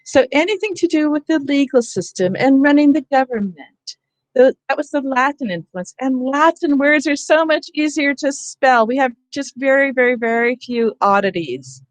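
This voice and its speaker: A woman's voice: fairly high pitch, dry recording. A woman leading a teacher training session on reading, explaining in a conversational way and often checking in with her listeners. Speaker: literacy trainer.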